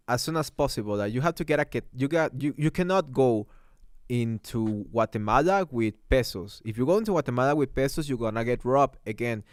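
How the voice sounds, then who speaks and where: A young man hosting a livestream, chatting casually and answering comments in halting English with many restarts. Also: medium pitch, clean tone, dry recording, clean studio sound. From Mexico. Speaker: livestream host.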